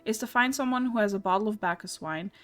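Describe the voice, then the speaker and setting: A woman reading a game townsperson's dialogue aloud in a measured, storytelling way. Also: medium pitch, a bit bright, faint music behind, close to an everyday voice. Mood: wistful.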